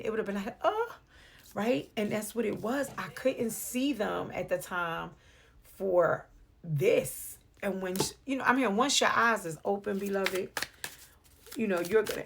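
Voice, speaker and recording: A woman's voice: a little high, creaky, slight background noise. A woman with a New York accent giving a casual, playful tarot reading to camera, calling the viewer "beloved". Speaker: tarot reader. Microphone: phone or webcam on video.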